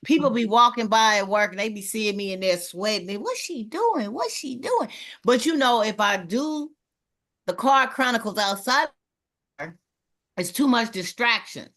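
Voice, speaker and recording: A woman hosting a casual panel chat who talks in a lively way and acts out other people's lines in quoted voices. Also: medium pitch, normal speed. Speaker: host of a talk show panel.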